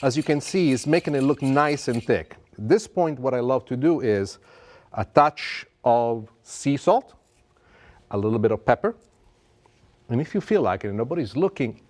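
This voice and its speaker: A man's voice: medium pitch, lively intonation, moderate pace, darkish tone. A middle-aged man hosting a cooking show, talking the viewer through a dish in a theatrical, self-amused way and drawing out his words. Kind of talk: cooking demonstration to camera.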